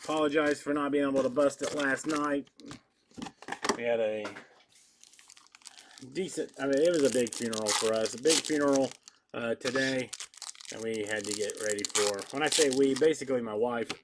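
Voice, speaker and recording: A man hosting a live card break, chatting casually and rattling off a list of names in a brisk, matter-of-fact way. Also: medium pitch. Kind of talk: casual live-stream chat. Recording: background noise with wrapper crinkling.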